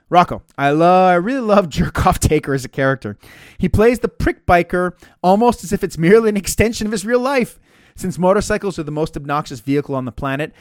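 A man hosting a casual podcast, reading listener mail and chatting in an animated, profane way, often laughing mid-sentence. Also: on the high side, no echo, studio quality. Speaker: podcast host.

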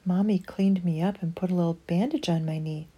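A woman reading a children's picture book aloud in an expressive storytelling manner. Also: on the low side, brisk, breathy edge.

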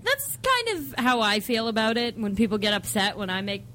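A woman's voice: fairly high pitch, wildly swooping pitch, a little fast, sharp tone. A woman guest on a casual radio talk show, blunt and opinionated.

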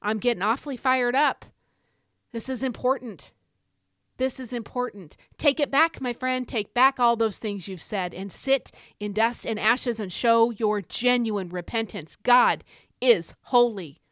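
A middle-aged woman hosting a faith podcast, delivering an emphatic, preacherly exhortation that swells into shouts. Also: fairly high pitch, unhurried, no echo, clean studio sound. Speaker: podcast host. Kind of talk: fiery devotional exhortation.

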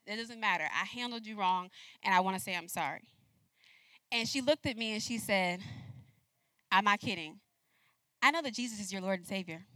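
A young adult woman giving a message, telling a personal story in an animated way and acting out the dialogue. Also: fairly high pitch, dry recording. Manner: animated, acts out dialogue with laughs. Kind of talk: storytelling sermon.

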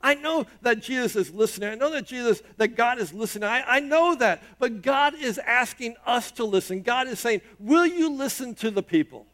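A middle-aged man preaching a sermon, emphatic, swinging from loud rises to quiet drops. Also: brisk, few pauses. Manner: emphatic preaching, rising and dropping in pitch and loudness. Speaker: pastor.

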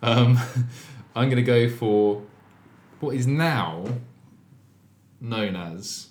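A man's voice: medium pitch, lively intonation, extremely slow, a little mellow, slight background noise. A man co-hosting a podcast in casual chat, easygoing and hesitant, with many fillers. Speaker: podcast co-host. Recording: roomy echoey room.

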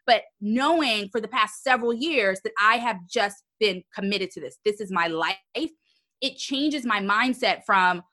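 A woman in her thirties, an entrepreneur guest on a podcast interview, telling her story in an expressive, animated way. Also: medium pitch, measured pace.

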